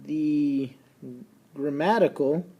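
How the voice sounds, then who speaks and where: Man, teacher, recorded lecture, folksy, repeats points, mellow, slightly high. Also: steady tone. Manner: folksy, repeats key points slowly for emphasis.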